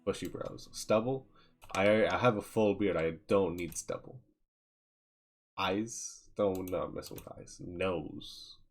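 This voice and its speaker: A man with a low, creaky voice talks in an unhurried, casual way as he plays a game. He mutters his choices to himself and reads menu text aloud, with quiet music in the background. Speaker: streamer. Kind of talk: casual gameplay commentary.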